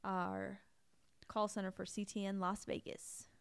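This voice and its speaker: A woman co-hosting a casual ministry podcast, relaxed and hesitant, with many fillers. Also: mid-range voice, a little slow, clean tone, dry recording.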